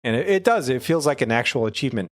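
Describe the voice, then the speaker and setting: A man's voice: mid-range voice, expressive, fast, dry recording, studio quality. A young man co-hosting a podcast, recapping a cartoon in casual, joking chat. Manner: chatty, joking, rambling. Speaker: podcast co-host.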